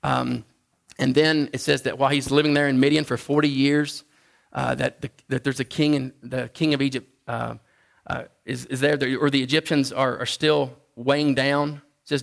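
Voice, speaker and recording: Gravelly-voiced man preaching casually. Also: steady tone. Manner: conversational, halting, with frequent restarts and chuckles; acts out the Bible figures in a higher voice. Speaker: pastor. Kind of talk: sermon.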